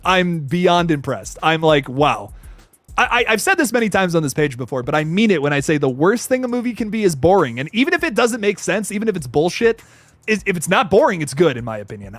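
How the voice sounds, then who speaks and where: Male livestream host, hyped and profane, very lively pitch, dry room. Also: a little fast, dry recording, soft background music. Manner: excitable and swearing, with frequent laughs. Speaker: horror movie channel host. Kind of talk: casual livestream chat reading super chats.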